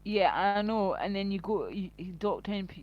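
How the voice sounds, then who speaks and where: A woman's voice: mid-range voice, moderate pace, highs cut off. A woman with a Glaswegian Scottish accent, chatting casually on a live stream while reading the chat, blunt and sweary, laughing often.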